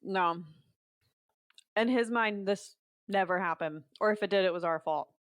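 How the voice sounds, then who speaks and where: Young woman guest, brisk storyteller, close dry mic. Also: mid-range voice, dry recording. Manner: fast storytelling, quoting others in dialogue. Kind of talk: podcast conversation.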